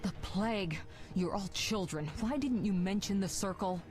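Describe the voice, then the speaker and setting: A woman's voice: mid-range voice, normal speed, faint music behind, natural voice. Triss, a woman voicing a cool sorceress. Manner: calm, firm, matter-of-fact. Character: confident young sorceress, cool and self-assured. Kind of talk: video game voice acting.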